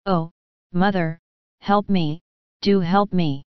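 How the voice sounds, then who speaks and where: A woman's voice: fairly low pitch, slow, smooth, dry recording, highs cut off. A woman voicing a remorseful, hot-tempered teenage girl who pleads through tears in a storybook reading. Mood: despairing. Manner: pleading, tearful.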